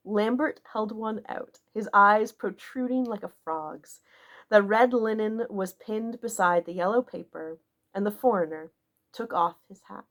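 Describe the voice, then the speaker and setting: A woman narrating a classic novel in a measured, expressive way. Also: medium pitch. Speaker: audiobook narrator.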